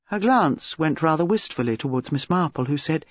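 A woman narrates a novel with expressive, lively intonation. Her voice is husky and breathy, and the recording is dry and slightly lo-fi. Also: deep voice, moderate pace, no echo. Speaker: audiobook narrator. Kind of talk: scripted narration. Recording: slightly dull lo-fi audio.

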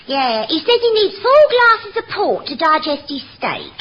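A woman's voice: high voice, sing-song, a little slow. An actress playing a young office girl, chatty and complaining, in a radio sitcom. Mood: doubtful. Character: grumbling young office girl, cheeky and fed up. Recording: dull noisy old radio recording.

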